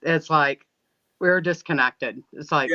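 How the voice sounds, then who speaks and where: A man from Michigan, a guest who runs paranormal events, speaking haltingly with many fillers and restarts. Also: fairly high pitch, sharp tone, lo-fi sound. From Michigan, USA. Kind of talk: casual interview chat.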